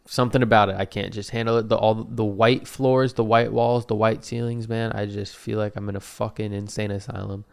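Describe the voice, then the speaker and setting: A man's voice: fairly low pitch, flat delivery, fairly quick, vocal fry, few pauses, clean tone. A man in his twenties casually telling a rambling, profane story about his own day, with self-deprecating asides.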